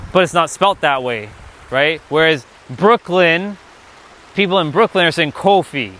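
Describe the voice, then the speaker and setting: Slightly high-voiced guy chatting on his stream about spirituality, loose and rambly, cusses a bit. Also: sharp tone, slight background noise. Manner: loose and rambling, casual swearing. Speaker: spiritual livestream host. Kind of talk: casual livestream talk, reading chat.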